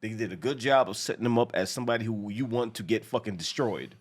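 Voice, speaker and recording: A man co-hosting a casual show reaction, talking in a profane, animated way and acting out lines from the episode. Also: on the low side, fast talker, husky.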